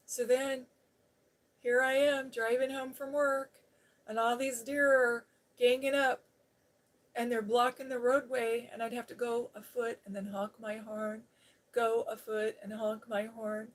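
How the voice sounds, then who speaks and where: A middle-aged woman hosting a live stream, telling a personal story in a chatty, animated way. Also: fairly high pitch, unhurried.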